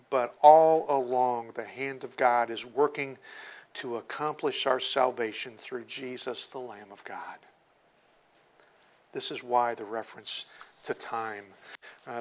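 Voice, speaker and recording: Male pastor preaching a sermon, slow and deliberate, bright, forceful tone, quotes scripture with rising intensity. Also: medium pitch.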